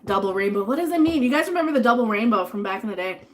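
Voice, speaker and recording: Talking rapid-fire and animated in a mid-range voice, a thirty-something woman rambles through a casual dinner live stream, occasionally speaking with food in her mouth. She reads out tips from viewers and thanks them, and a slight hiss or hum sits under the audio.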